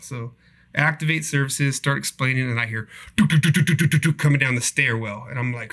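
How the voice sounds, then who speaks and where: A man casually telling profane, animated stories about his cable installer job. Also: mid-range voice, a little fast. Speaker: podcast guest, cable installer. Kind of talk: casual storytelling.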